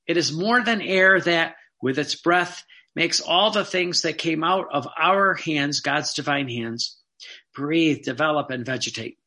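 A Catholic preacher delivers a sermon in a fairly high, bright, forceful voice. He reads devotional passages aloud and explains them with plain, earnest asides.

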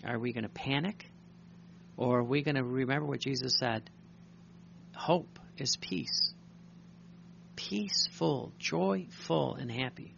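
Gravelly man preaching, hesitant. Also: medium pitch. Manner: halting, many fillers and restarts, clears throat often. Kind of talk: sermon with read-aloud passages. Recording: muffled recording with faint hum.

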